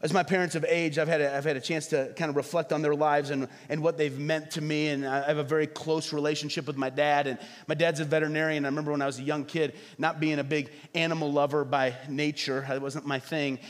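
A middle-aged man preaching a sermon as pastor, animated, often acting out quoted voices. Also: fairly high pitch, fast, hardly any pauses. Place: church hall. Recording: reverberant hall.

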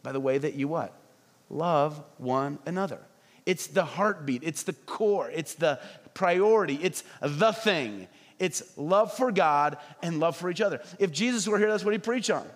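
A middle-aged man preaching a sermon as pastor, animated, often acting out quoted voices. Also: fairly high pitch, a little slow. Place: church hall. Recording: reverberant hall.

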